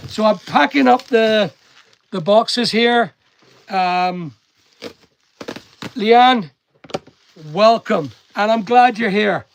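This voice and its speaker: Working in a packing room, an online seller with a high voice and a mix of London and Northern Irish accents rambles casually on his live stream. He says hello to viewers by name as he goes.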